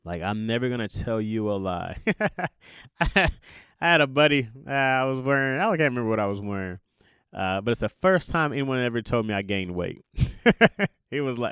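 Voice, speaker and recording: A man's voice: medium pitch, lively intonation, normal speed, fairly bright tone, clean tone, no echo, clean studio sound. A young adult man hosting a casual monologue podcast, telling stories with playful voiced asides and laughs. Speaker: podcast host.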